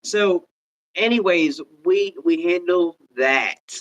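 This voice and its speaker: A man's voice: sits high, slow pace, muffled recording. A man co-hosting a casual talk show, playful and openly emotional, speaking straight to the listeners. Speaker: podcast co-host. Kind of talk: casual chat.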